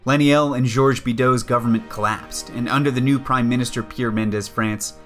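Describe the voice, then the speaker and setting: Measured man narrating history over music. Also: mid-range voice, fairly even intonation, a bit bright. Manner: reads quotes aloud, framing them with "quote, unquote"; measured, with pointed asides.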